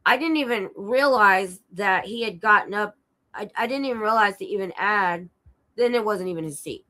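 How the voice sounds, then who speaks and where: A woman with a hoarse, under-the-weather voice chats casually on her stream. She tells an animated story, acts out the lines of the people in it and swears along the way. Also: medium pitch, moderate pace, low-quality recording. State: sick and hoarse. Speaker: streamer telling a travel story. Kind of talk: casual chat. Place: home streaming setup.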